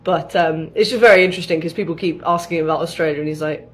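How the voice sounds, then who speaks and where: Chatty English woman, low voice. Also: fast, few pauses. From England. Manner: chatty, laughs often, many ums. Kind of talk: casual chat.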